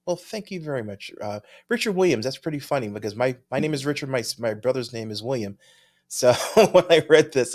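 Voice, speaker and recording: A man's voice: mid-range voice, animated, a little fast, a little mellow. A man co-hosting a podcast in casual chat, easygoing, thinking aloud and chuckling often as he reads viewer mail. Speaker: podcast co-host.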